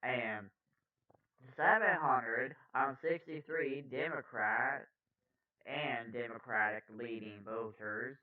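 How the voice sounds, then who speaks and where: A man hosting a political video, reading out poll figures in a slow, halting way and correcting himself as he goes. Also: mid-range voice. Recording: tinny phone-like sound from far off.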